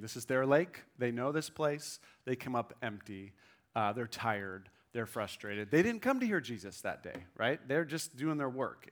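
Man, pastor, casual sermon, bright tone, animated storytelling. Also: medium pitch. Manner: conversational, animated storytelling with frequent "right?".

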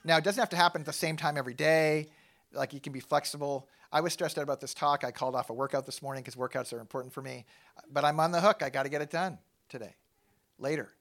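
A middle-aged man giving a casual, animated sermon to a live church audience, self-deprecating and thinking aloud with frequent restarts. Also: on the high side, fast talker. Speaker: pastor.

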